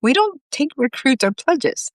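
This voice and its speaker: A woman's voice: high-pitched, very animated, measured pace, no room sound, studio quality, voice pushed up. A woman voicing a joking male saint with a raised, incredulous voice, read aloud from her story. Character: wisecracking male saint, quippy gatekeeper.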